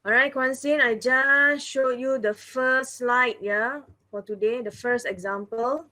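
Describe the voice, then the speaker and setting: Woman math teacher, patient and repetitive, slightly high voice, online class. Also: steady tone, a little slow, pushed and bright. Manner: patient, repeats "all right" and "okay" often.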